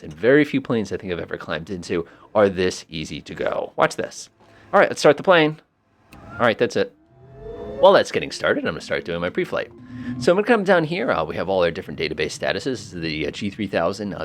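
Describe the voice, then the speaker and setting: A man hosting a flight simulator walkthrough, talking casually in an excitable, amused way with plenty of fillers. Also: low voice, a little hiss or hum. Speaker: flight simulator video host.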